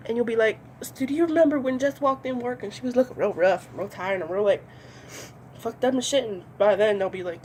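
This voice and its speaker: A woman's voice: a little high, fairly quick, darkish tone, a little hiss or hum. A young woman doing a comedy monologue, ranting with lots of swearing and acting out voices. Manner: profane, ranting, acts out voices.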